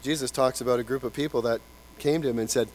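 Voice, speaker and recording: A man preaching a sermon as pastor, animated, acting out the voices of people he quotes and dropping to soft emphasis. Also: medium pitch, fast talker, slight background noise. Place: church.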